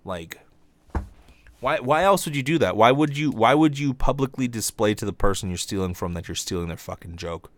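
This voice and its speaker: A young man hosting a comedy podcast, ranting casually and profanely, his voice jumping high when he gets exasperated. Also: lively intonation, normal speed, no echo.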